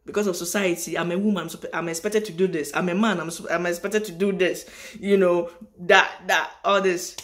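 A man's voice: high-pitched, fairly even intonation, fairly quick, hardly any pauses, fairly bright tone. A man talking straight to camera in a motivational vlog monologue, preachy and emphatic, with lots of rhetorical questions. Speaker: vlogger.

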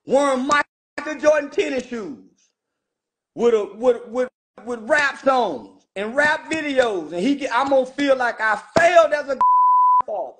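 A man ranting loudly into his recording, mocking and shouting at his targets. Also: very high voice. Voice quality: loud, taunting, frequently shouting. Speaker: internet commentator. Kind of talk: angry mocking rant.

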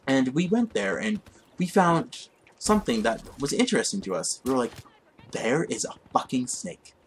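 A young man with a mid-range, sing-song voice tells a rambling, profane story at a moderate pace while commenting on his gameplay. The game keeps distracting him, and a little hiss or hum runs underneath.

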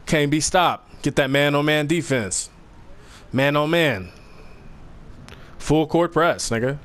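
A young man giving casual, slangy, excitable commentary over a basketball video game, trash-talking the players. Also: fairly high pitch, slow pace. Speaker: gaming commentator.

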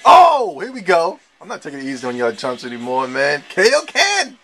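A young man giving live gameplay commentary, trash-talking his opponents with slang and an excitable manner. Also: on the high side, normal speed, soft background music. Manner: excitable trash talk with slang, shouts and laughs. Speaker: gamer playing online.

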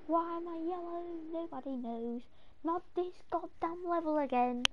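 A woman's voice: very high voice, moderate pace, highs cut off, a little hiss or hum. A woman playing a video game and chatting to herself in a silly, rambling, joking way. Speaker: gamer. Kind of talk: casual gameplay commentary. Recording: game music playing behind.

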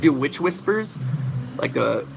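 Speaking slowly in a creaky, medium-pitched voice with big swings in pitch, a young man casually runs a livestream against a noisy background. He wanders through chat questions about vocals, demonstrating screams as he goes.

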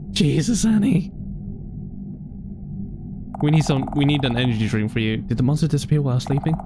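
A man's voice: medium pitch, background noise. A man giving casual commentary while playing a horror game, jumpy and swearing constantly. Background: game music.

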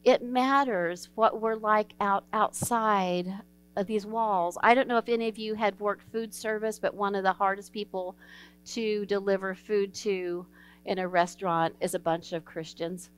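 A woman's voice: medium pitch, steady tone, a little slow, clear, resonant tone. A woman pastor preaching an evening sermon in a church, telling stories in an earnest, folksy way and acting out the dialogue. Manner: earnest, folksy storytelling, acts out quoted dialogue. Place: church sanctuary.

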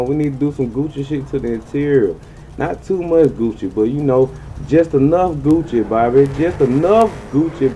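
Excitable man narrating his gameplay. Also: slight background noise. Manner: excitable, slangy, swears freely, yelps high when things go wrong. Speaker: gaming channel host. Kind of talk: casual gameplay commentary.

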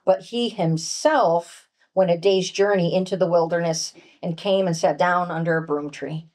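Woman teaching scripture at a women's retreat, gentle and earnest, goes soft and hushed sometimes. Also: on the low side, normal speed. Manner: gentle, earnest, drops to a soft hush on key points; reads scripture aloud and acts out voices. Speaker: workshop speaker at a pastors' wives' retreat.

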